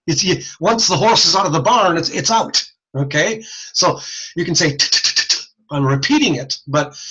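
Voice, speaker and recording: A man lecturing in a bright, forward voice that rises and falls a great deal. He talks slowly and casually, stopping to demonstrate sounds aloud. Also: on the high side, rough recording. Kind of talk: recorded video lecture.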